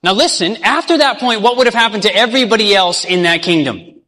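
A man's voice: high-pitched, expressive, fast, sharp tone, long reverb tail. A man preaching a sermon, telling a story and acting out the voices in it, often asking his listeners questions.

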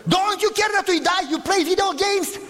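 Man voicing frantic adult male friend; shrill, screaming panic, long hall echo. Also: moderate pace, fairly bright tone. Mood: panicked. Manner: screaming in terror.

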